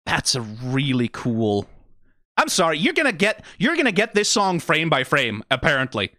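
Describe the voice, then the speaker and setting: A channel host giving excitable, profane, rambling reaction commentary on an animated episode. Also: medium pitch, moderate pace, dry recording, studio quality. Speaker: video reactor.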